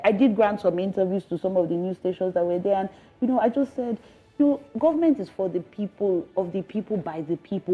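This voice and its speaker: A woman in her thirties with a Nigerian English accent, giving an emotional, earnest news interview, halting and pleading at times. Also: mid-range voice, slightly rough. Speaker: interviewed resident. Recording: slightly dull broadcast audio with faint music.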